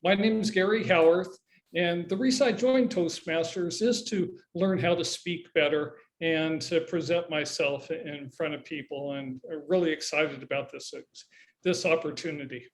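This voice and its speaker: An older man from Southern California giving a personal introductory speech, with hesitant pauses and fillers, over a video call. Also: a little high, slight background noise. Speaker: demonstration speaker.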